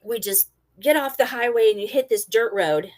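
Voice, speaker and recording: A middle-aged woman and former army medic, casually telling a story and acting out her own quotes loudly. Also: a little high, moderate pace.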